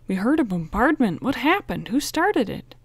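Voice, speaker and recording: A woman reading aloud, voicing a level-headed teenage boy detective who speaks calmly and encouragingly. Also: mid-range voice, normal speed, no echo, lightly acted. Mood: urgent. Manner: calm and encouraging.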